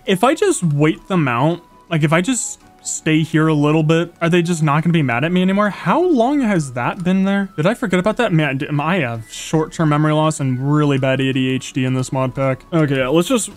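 A young man giving excitable live gameplay commentary, gasping, yelping and talking to the animals and monsters on screen. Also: on the high side, brisk, few pauses. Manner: excitable, talks to animals and mobs, frequent gasps and yelps. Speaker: gaming YouTuber. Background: faint game music.

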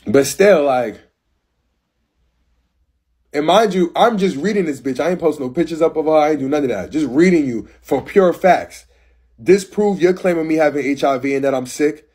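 A brash young man in his twenties goes off on a live stream, sassy and profane. His voice sits fairly high with a husky, breathy edge. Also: normal speed, a little mellow. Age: 20s. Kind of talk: casual live-stream rant.

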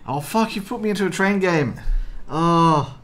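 A man co-hosting a let's play, trading sarcastic, quick-witted banter. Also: sits high, expressive, a bit bright. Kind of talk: casual gameplay chat.

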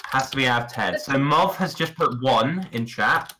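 A young man with a bright, forward voice chats loosely through a game stream, circling back over his own words and tossing in jokes. His pitch sits in an ordinary middle range. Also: lively intonation, moderate pace, a little hiss or hum, low-quality recording. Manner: rambling, jokey, repeats himself. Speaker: streamer judging builds. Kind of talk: casual gaming stream chat.

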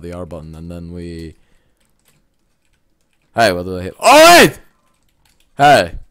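A man doing gaming commentary, excitable, yelping and shouting at what happens in the game. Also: low-pitched, no room sound, clean studio sound. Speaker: let's play gamer.

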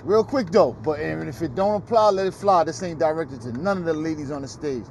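Slangy guy in group chat, kinda high voice, faint traffic behind. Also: a little fast. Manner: animated, slangy, incredulous. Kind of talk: casual chat.

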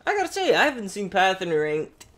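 Animated high-voiced man commenting gameplay. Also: brisk, slight background noise. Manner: animated, taunts enemies, talks to himself. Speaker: gaming streamer.

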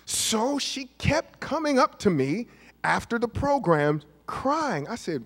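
A man, a pastor preaching a storytelling sermon, moving from hushed asides to shouted peaks. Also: very high-pitched, big pitch swings, takes it slowly, slightly rough. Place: church sanctuary. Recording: long hall reverb of a church.

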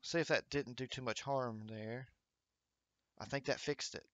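A man's voice: medium pitch, fairly even intonation, unhurried, a bit bright, no echo. A man hosting a gaming livestream at home, chatting upbeat and encouraging while reading viewer comments aloud. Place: home streaming setup with green screen.

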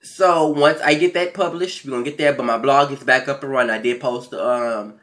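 A man hosting his own video channel, giving a casual, profane, animated recap of a reality show, with big jumps in pitch and loudness and excited stammers. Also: moderate pace, a little hiss or hum. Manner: stammers and restarts when excited. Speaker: YouTube show recap host.

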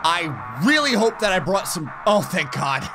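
A man commentating his own Minecraft play, excitable, yelping and laughing at the chaos. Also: high-pitched, measured pace, over music. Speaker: gaming YouTuber.

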